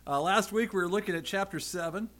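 A man preaching a conversational sermon, reading scripture aloud and acting out scenes with lively asides. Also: high-pitched, fast talker. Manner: animated, conversational, acts out scenes. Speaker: pastor.

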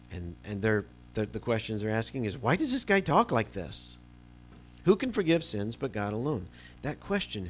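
Animated preaching man, lively pitch. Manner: animated storytelling, shifts between loud emphasis and quiet asides. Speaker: pastor. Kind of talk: sermon.

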